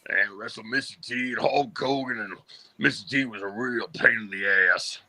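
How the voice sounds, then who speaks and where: A man's voice: lowish voice, normal speed, sharp tone, voice pushed down, exaggerated voice, rough recording. A man voicing an old male wrestler who boastfully reminisces about his career. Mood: reminiscing.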